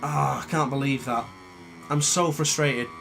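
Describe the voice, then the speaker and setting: This man speaks a little slowly in a gravelly, medium-pitched voice with fairly even intonation. He's a gaming YouTuber commentating live on a racing game, often muttering and berating himself out of frustration, while game engine noise and motorbike sounds play underneath.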